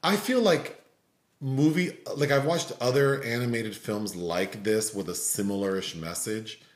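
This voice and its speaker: A man's voice: mid-range voice, measured pace. A man giving a rambling, filler-heavy critique of a film in casual chat. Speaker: film reviewer. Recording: roomy echo.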